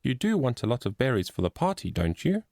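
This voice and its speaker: A man's voice: medium pitch, very animated, brisk, darkish tone, dry recording, studio quality. A man voicing an eager four-year-old boy in a storybook reading. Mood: eager pleading.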